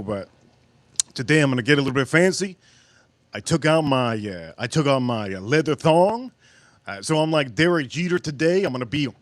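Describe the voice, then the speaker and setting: A man's voice: medium pitch, no echo. A man hosting a live cooking and whiskey stream, rambling and joking off on tangents while thanking viewers and reading their messages aloud. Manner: rambling, jokey, goes off on tangents. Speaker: livestream host of a cooking and whiskey channel.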